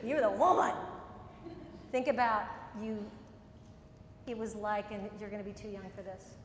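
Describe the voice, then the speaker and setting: A woman leading a live workshop, giving direct, brisk advice and running a demonstration for a group. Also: medium pitch, slight background noise. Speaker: workshop trainer. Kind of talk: live workshop lecture and demo. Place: meeting room before a group. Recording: echoey room, mic at a distance.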